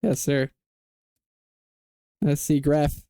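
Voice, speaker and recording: A man hosting a casual online quiz game, reading clues aloud and confirming answers with a quick "yes, sir". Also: fairly high pitch, vocal fry, very noisy. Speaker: quiz show host.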